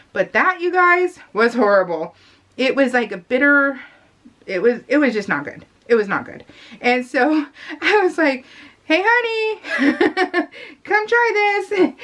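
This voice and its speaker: Chatty, rambling woman vlogger. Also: a little high. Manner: rambling and animated, laughing often, lots of fillers. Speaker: scrapbooking vlogger. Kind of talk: casual chatty voice-over.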